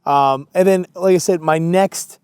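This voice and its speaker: A young entrepreneur, appearing as a guest in a relaxed interview, tells his story in a fairly high, clear, resonant voice at a slightly slow pace. He's an animated storyteller who acts out both sides of old arguments and conversations. The recording is close and dry, with no room sound.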